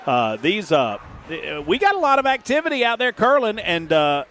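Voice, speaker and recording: Radio host guy, high voice that bounces all over, emphatic and argumentative, laughs easy. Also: huge pitch swings, moderate pace, fairly bright tone. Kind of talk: heated live talk radio banter. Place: live remote broadcast at a bowling venue.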